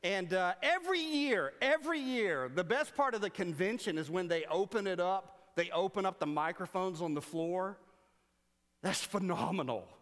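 Male pastor, animated sermon delivery with sarcastic asides, slightly high voice, long hall reverb. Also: moderate pace. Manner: animated storytelling with playful sarcasm.

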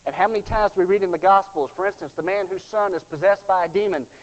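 A man preaching a funeral sermon with earnest feeling. He drops to a hush on tender lines. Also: high-pitched, fast. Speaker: pastor. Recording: muffled, reverberant hall.

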